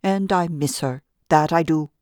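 A woman's voice: sits low, unhurried, a little mellow, dry recording, clean studio sound. A woman voicing a small, talkative male gardener with a lilting Irish brogue. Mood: chatty.

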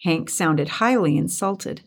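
A woman narrating an audiobook with an even storytelling delivery. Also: deep voice, slow, gravelly.

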